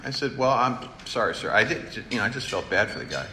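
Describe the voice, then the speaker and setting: A man's voice: mid-range voice, sing-song, quick pace, bright, forceful tone. Middle-aged man telling stories in an echoey hall. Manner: self-deprecating storytelling. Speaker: former governor giving a speech. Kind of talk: informal speech anecdotes to an audience. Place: large hall with audience. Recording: echoey hall, room noise.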